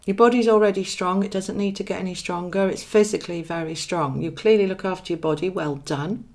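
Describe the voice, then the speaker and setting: A tarot card reader from Wales, speaking with a Welsh accent, gives a chatty live reading, affectionately calling viewers darling and thinking aloud as she draws cards. Her voice is fairly low, steady, brisk and a little mellow, with vocal fry.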